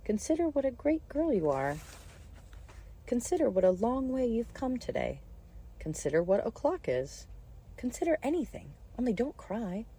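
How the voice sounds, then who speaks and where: A woman's voice: low voice, animated, normal speed, dark tone. Woman doing a fretful shrieking old queen. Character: flustered, scatterbrained old queen.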